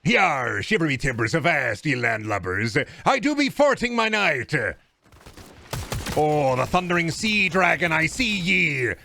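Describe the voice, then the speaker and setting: A man playing a boisterous pirate captain, hammy and blustering. The voice is pushed up high and loud, full of sea-dog bluster. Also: very animated, a little slow, vocal fry, a little hiss or hum, heavily acted. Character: boisterous old-time male pirate captain.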